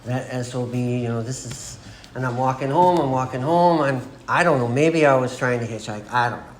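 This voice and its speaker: This AA speaker, a man in his forties, talks a little fast at a medium pitch while recounting his own recovery to a group. He wanders from point to point, chuckles at himself and mimics what others said, his voice echoing around a meeting room with noise in the background.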